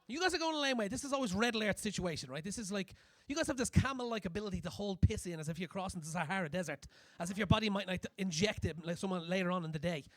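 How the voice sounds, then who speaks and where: A young man doing a crude, animated stand-up comedy set on a club stage, acting out scenes as he goes. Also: high-pitched, rapid-fire, few pauses, no echo, clean studio sound.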